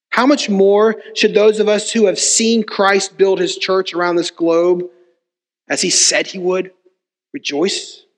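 A man preaching a sermon as pastor, emphatic and full of rhetorical repetition. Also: sits high. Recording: long reverb of a church hall.

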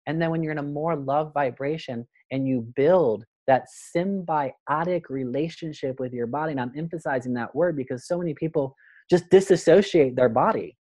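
An earnest man talks as a podcast guest about spiritual ideas. He gets animated and slips into little voices to make his points. His voice sits close and dry, with no room sound around it. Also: a little high, normal speed, no room sound. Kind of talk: spiritual conversation.

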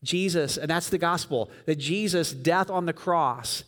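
A man preaching a sermon, telling the story vividly and swinging from loud emphasis to soft, quiet lines. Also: on the high side, a little slow. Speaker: pastor.

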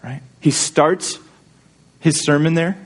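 A man's voice: on the high side, slow, husky. Earnest man preaching a sermon. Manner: earnest, conversational preaching with rhetorical questions. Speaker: pastor.

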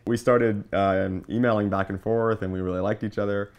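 Low-voiced man telling a story. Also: fairly even intonation, moderate pace, highs cut off. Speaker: interviewee telling how he met his partner. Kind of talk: casual storytelling.

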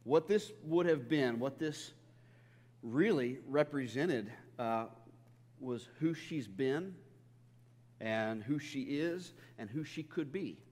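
A male pastor delivering a sermon, mixing personal stories and gentle humor, often stumbling over and repeating his words. His voice sits at an ordinary pitch and trails off into the long reverb of a big church hall. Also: lively intonation, slow pace.

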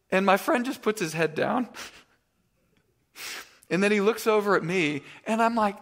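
A man preaching a sermon in a conversational way, often stumbling over and repeating his words, and telling stories with animated energy. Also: high voice, normal speed, long pauses, long reverb tail. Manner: conversational, stammering restarts, animated storytelling. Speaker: pastor. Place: church sanctuary.

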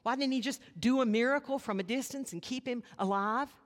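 A woman pastor delivering a sermon, earnest, with rhetorical questions and dramatic pauses. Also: a little high. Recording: long hall reverb.

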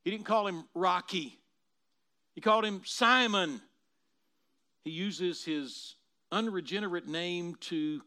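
A man preaching a sermon, swinging from quiet explaining to loud dramatic bursts as he acts out quoted voices. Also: sits high, clean tone. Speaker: pastor.

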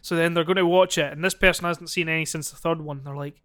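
A man's voice: on the high side, quick pace. A man with a Scottish accent talking in casual, sweary chat as a podcast co-host. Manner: sweary, laughing, animated.

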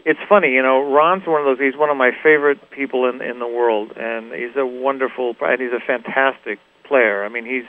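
A man's voice: mid-range voice, fairly quick, few pauses, phone-quality sound. Middle-aged man telling rambling stories. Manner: relaxed, rambling anecdotes with many fillers and restarts. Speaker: guest musician, guitarist. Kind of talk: casual interview storytelling.

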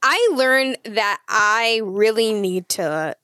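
A woman's voice: mid-range voice, lively intonation, slow, pushed and bright, no room sound, clean studio sound. A woman co-hosting a casual chat, giving short replies and trailing off hesitantly. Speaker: podcast co-host.

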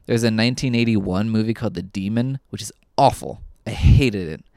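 A man's voice: lowish voice, fairly quick, vocal fry, a little mellow, clean tone, no echo, studio quality. A man co-hosting a podcast in casual chat, rambling and enthusiastic, a little self-deprecating. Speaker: podcast co-host.

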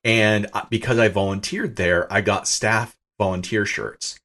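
A middle-aged man with a fairly low voice tells a personal story as a podcast guest. He is casual and amused, and his voice leaps upward whenever he acts out what someone said. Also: a little slow. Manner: animated and self-amused, voice jumping up for quoted lines. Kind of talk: conversational storytelling.

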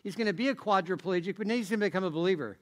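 A man's voice: high voice, racing. A middle-aged man preaching a casual, conversational sermon, often asking "right?" and repeating phrases as he goes.

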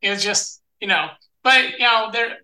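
A man rambling through a story in a casual group discussion, full of restarts and asides. His voice is very bright and forward, and it sits in a roomy, echoing space. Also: high voice, normal speed, distant mic. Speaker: participant in a Bible study discussion. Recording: roomy echo.

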